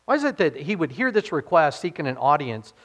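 A pastor, a man with a somewhat raised pitch, preaches in a relaxed, conversational way. He keeps asking his listeners questions and lowers his voice when he quotes scripture. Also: fairly quick. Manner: informal, with rhetorical questions to the congregation. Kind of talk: conversational sermon.

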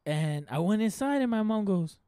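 A man's voice: high-pitched, normal speed, smooth, dry recording, clean studio sound. A man in his early twenties, co-hosting a casual podcast, telling stories with lots of swearing and acted-out quotes. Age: early 20s. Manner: profane, animated storytelling with acted-out quotes. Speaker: podcast co-host.

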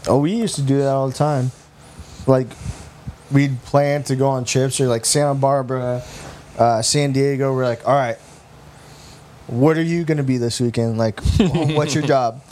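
A man's voice: medium pitch, steady tone, moderate pace, a little mellow, slight background noise. A man and podcast co-host talking earnestly in casual chat, swearing casually and retelling what others said.

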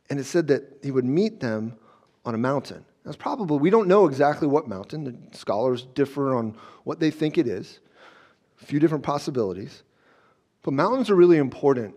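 A man's voice: on the high side, a little mellow. A male pastor giving a conversational sermon, often checking in with "okay?" and acting out scenes as he goes. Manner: conversational, frequent "okay?" check-ins and restarts.

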